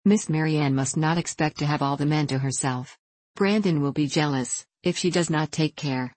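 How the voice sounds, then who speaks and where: A bluff middle-aged country squire, as a woman narrator reads him, hearty and blunt. His voice sits low. The sound is dry and close. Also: moderate pace, a little mellow, dry recording. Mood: jovial.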